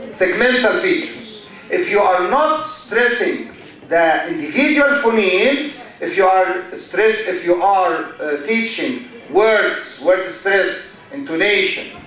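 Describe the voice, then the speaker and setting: An Egyptian-accented male lecturer, whose first language is Arabic, speaks slowly in a fairly high voice, repeating terms and asking "okay?". He is recorded from far off in a big, very echoey hall with faint background noise. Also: a bit bright. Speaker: university lecturer. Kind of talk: classroom lecture.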